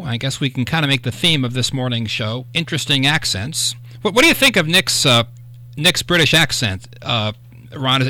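A man hosting a radio talk show, chatting casually with quick joking asides. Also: mid-range voice, bright, forceful tone. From upstate New York.

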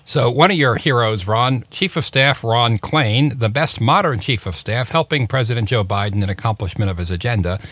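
A man hosting a talk radio show, chatting and joking with his guest in a relaxed, halting way. His voice sits at an ordinary middle pitch and sounds dry and close to the mic. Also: no room sound. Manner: chatty, jokey, halting with fillers. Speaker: radio host.

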